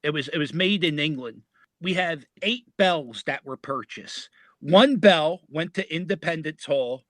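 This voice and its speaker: Animated American man with a Philadelphia accent. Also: fairly high pitch, measured pace, no room sound. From United States. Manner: animated storyteller, laughs often. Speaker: podcast guest. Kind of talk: casual chat.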